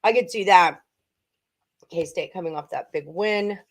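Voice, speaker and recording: Female host, young adult, lower-pitched, loose rambling livestream chatter about betting picks. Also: unhurried, a little hiss or hum. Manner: chatty, rambling, frequent ums and laughs. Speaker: sports betting show host. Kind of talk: casual livestream chat.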